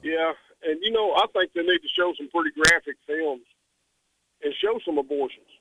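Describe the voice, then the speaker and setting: A man's voice: on the high side, moderate pace, breathy edge, no echo. A man calling into a radio show, talking emphatically and repeating his points over a phone line. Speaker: caller. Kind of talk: call-in radio talk.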